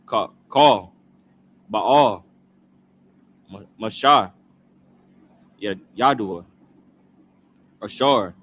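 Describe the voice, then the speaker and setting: A man reading scripture aloud slowly, sounding out each word in pieces and repeating after a prompter. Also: lowish voice, fairly bright tone. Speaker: scripture reader.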